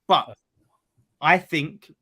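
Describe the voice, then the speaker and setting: A man on a casual football podcast, boastful and animated, bantering and swearing. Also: fairly high pitch, very slow. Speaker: podcast panelist.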